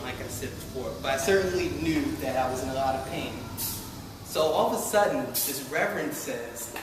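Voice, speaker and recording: A man telling a wry, self-deprecating personal story live to an audience that laughs along. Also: mid-range voice. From Baltimore. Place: live event hall with audience. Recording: echoey hall, distant mic, noisy.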